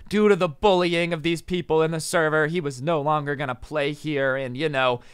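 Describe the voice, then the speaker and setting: A young man telling a story in a casual vlog, rapid and animated, full of "like" and "you know". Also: on the high side, smooth, no room sound. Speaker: storytime vlogger.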